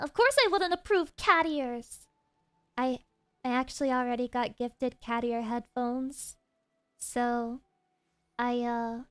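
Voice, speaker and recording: A woman streaming a game from her desk, chatting in an excitable, rambling way full of swearing. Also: high-pitched, clean tone. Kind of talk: casual game stream chat. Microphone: desk mic.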